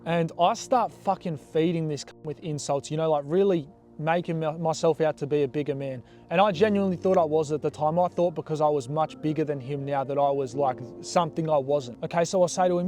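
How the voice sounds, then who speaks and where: A man's voice: a little high, quick pace, faint music behind. Blunt, foul-mouthed young man telling a story. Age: young adult. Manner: animated, blunt, swears freely. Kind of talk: casual storytelling.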